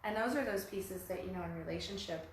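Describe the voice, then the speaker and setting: A middle-aged woman co-hosting a casual talk about relationships, telling animated stories and acting out the people she quotes. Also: mid-range voice, fast. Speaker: podcast co-host. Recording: very echoey room, faint background noise.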